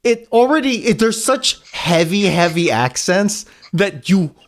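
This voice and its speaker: A man's voice: high voice, animated, unhurried. A man co-hosting a casual podcast, reading a comic aloud and joking around in a laid-back way.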